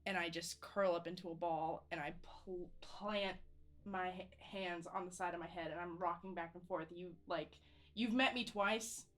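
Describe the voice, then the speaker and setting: A woman playing a character in a tabletop game, talking in an emotional, halting way. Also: on the low side, steady tone, fairly bright tone. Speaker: player.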